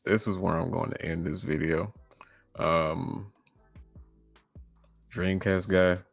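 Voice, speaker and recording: A man with a very deep, gravelly voice gives casual commentary on a clip he is reacting to. He speaks slowly and in a measured way, often doubling up words as he pushes back. The sound is dry and close. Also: fairly even intonation, no room sound, soft background music. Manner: measured, repeats words when pressing a point. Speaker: reaction video host.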